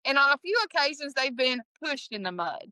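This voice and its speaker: A woman's voice: high voice, animated, a little fast, bright, forceful tone, no echo, low-quality recording. A woman with an East Texas Southern accent hosting a podcast in a folksy, upbeat way, often restarting her sentences. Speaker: podcast host.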